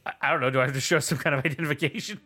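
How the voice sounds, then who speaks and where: A man's voice: on the high side, steady tone, very fast, pushed and bright. A man playing a tabletop role-playing game, rambling and self-mocking, often laughing at himself. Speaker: player. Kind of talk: tabletop role-play chat.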